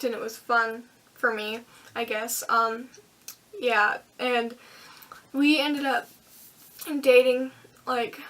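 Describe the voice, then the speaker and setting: Teen girl chatting to camera, high voice, giggly and breathless, mic a little far off. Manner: animated, giggly, breathless retelling with many fillers. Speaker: vlogger. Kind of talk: casual storytime vlog.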